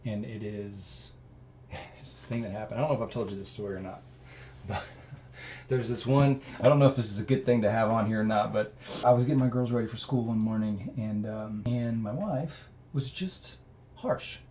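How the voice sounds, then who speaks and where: A man's voice: fairly low pitch, brisk, slight background noise. Earnest man rambling through a personal story. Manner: earnest, rambling, with many fillers and restarts; grows loud and animated when telling emotional parts. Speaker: interview guest.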